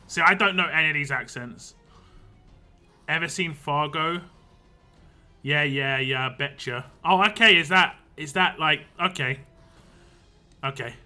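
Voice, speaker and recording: A man's voice: fairly high pitch, bright, forceful tone. A man, a game streamer, chatting casually and rambling on a live stream, laughing often.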